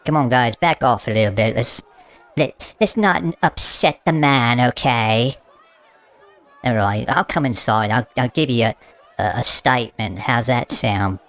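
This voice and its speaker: A man's voice: medium pitch, unhurried, fairly bright tone. A man playing an indignant English male protester in a comedy sketch, belligerent and stammering. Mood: grudging.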